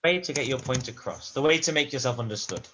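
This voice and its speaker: A man talks over a video call in a casual practice conversation. His pitch sits in the middle of the male range. He rambles thoughtfully and keeps restarting his sentences as he works out his point. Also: expressive, fast talker, sharp tone, lo-fi sound, slight background noise. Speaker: language student in a conversation class.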